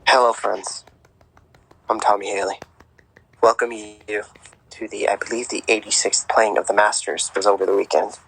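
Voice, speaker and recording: A man putting on a hushed, whispering golf announcer voice, as whispered role-play on a podcast. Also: on the low side, steady tone, moderate pace, creaky, pauses often, husky, full character voice, low-quality recording. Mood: reverent. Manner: hushed golf-broadcast murmur. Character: hushed golf announcer, male adult, reverent. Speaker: podcast co-host.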